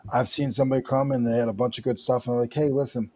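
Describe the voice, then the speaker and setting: Husky, mellow man, hesitant and confessional. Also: mid-range voice, steady tone, rapid-fire, poor audio. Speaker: reseller on a panel. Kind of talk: casual chat. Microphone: video call.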